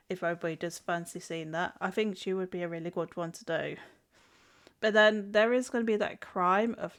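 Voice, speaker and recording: A young woman streaming while she draws. She has a stuffy nose from a cold and chats casually with viewers, giggling often and restarting her sentences. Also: lowish voice. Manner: chatty, giggly, answers chat, frequent restarts. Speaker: streamer and artist. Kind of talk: casual live-stream chat while drawing.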